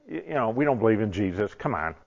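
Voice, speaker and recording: Preacher doing brusque old rabbi, curt, muffled recording. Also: male voice, lowish voice, big pitch swings, fast talker, vocal fry, a little mellow, breathy edge, heavily acted. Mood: dismissive. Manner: brushes off questions curtly. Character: dismissive older male rabbi.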